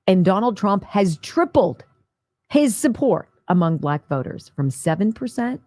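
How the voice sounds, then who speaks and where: A woman's voice: low-pitched, dark tone, no echo. A middle-aged woman hosting a talk radio show, emphatic and sarcastic as she comments. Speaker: radio host.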